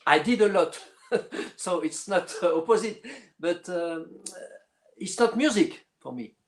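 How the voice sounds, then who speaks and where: A middle-aged man, a clarinetist guest speaking in a casual interview and often pausing to search for words. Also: high-pitched, animated. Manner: halting, searching for words with many fillers.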